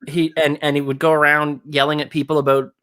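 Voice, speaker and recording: A man's voice: on the high side, flat delivery, quick pace, a bit bright. Laid-back man telling a rambling story. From Canada. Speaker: guest musician. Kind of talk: casual storytelling chat.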